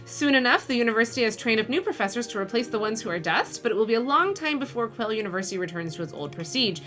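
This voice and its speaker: A woman's voice: a little high, animated, fast, a bit bright, faint music behind. A woman streaming a game, playfully reading out options and chat messages and laughing often. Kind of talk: casual livestream game narration.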